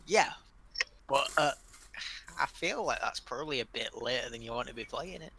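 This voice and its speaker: A man's voice: mid-range voice, animated, normal speed, crowd noise, rough recording. A man co-hosting a podcast in casual chat, reasoning things out and lightly teasing. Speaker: podcast co-host.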